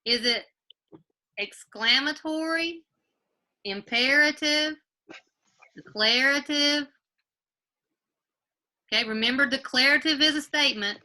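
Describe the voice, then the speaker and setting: A woman's voice: high-pitched, takes it slowly, pauses often, bright, forceful tone. A woman teaching a grade-school class over a video call from home, patiently quizzing pupils by name and repeating her questions.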